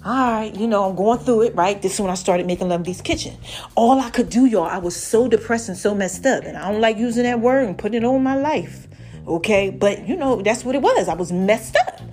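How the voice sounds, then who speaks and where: A woman's voice: mid-range voice, expressive, a little fast, darkish tone, soft background music. A woman, telling a Bible story in a casual sermon style and often asking "right?". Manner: chatty, keeps asking "right?". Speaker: podcast host.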